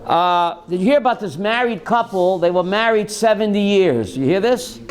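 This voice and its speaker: A man's voice: high-pitched, animated, normal speed. A man teaching a Torah class as a rabbi, mixing jokes with questions to his students. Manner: joking, calls on students by name, asks the class questions.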